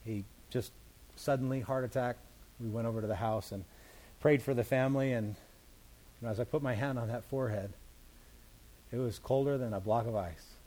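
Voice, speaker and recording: A man's voice: medium pitch, moderate pace, long pauses, dark tone. A man, a pastor, teaching through scripture verse by verse in a conversational sermon, explaining it in plain everyday words.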